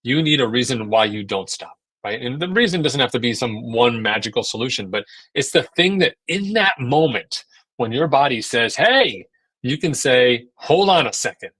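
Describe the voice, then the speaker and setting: A man's voice: mid-range voice, animated, normal speed, a bit bright, no room sound. A man, an endurance coach, giving a casual seminar talk with lots of fillers and restarts, sometimes acting out voices in quoted asides. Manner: conversational, many fillers and repeated words.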